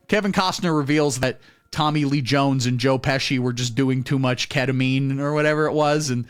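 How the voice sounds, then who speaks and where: A man delivering a satirical comedy monologue in a mock-serious, deadpan way, breaking into loud announcements. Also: mid-range voice. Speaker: comedy streamer.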